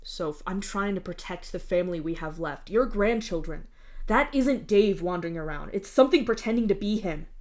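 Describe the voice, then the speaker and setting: A woman's voice: low-pitched, fast talker, hardly any pauses, close to an everyday voice. A woman reading as a desperate, snappish parent.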